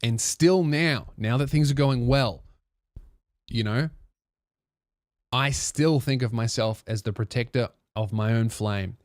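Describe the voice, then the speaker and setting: A man's voice: mid-range voice, slow, long pauses, no room sound, clean studio sound. A man hosting a comedy podcast, reading viewer emails aloud and riffing on them with profane, mocking asides.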